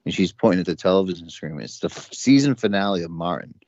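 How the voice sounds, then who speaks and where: A man with a very deep voice drifts through a casual chat, full of "you know" and restarts. His audio is dry and a little dull, like an online call. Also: animated, quick pace, darkish tone, no room sound. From United States. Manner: rambling, many fillers and restarts.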